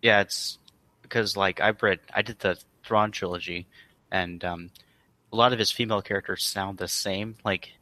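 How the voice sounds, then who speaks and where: Low-voiced young man, bright and dry. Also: moderate pace, no room sound. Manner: relaxed, enthusiastic, lots of fillers like "like". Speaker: podcast co-host. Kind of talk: casual podcast chat.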